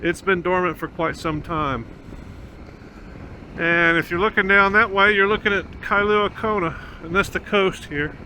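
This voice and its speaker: A man's voice: sits high, steady tone, a little slow, pushed and bright, slight background noise. A man riding a motorcycle outdoors on a country road, talking through a helmet mic in rambling, casual commentary with many fillers. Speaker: motorcycle vlogger. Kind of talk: casual ride-along commentary.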